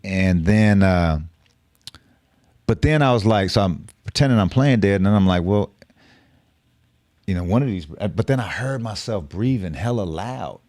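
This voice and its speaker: A man's voice: fairly low pitch, animated, normal speed, pauses often, darkish tone, no echo, studio quality. A middle-aged man from the Bay Area, a guest telling his story in a blunt, profane, streetwise way. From San Francisco Bay Area. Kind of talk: casual storytelling interview.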